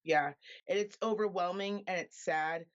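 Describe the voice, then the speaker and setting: A woman's voice: on the low side, moderate pace. Woman, Reno, earnest interview talk, emphatic repetition, muffled recording. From Reno, Nevada, US. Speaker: podcaster guest. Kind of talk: earnest conversation.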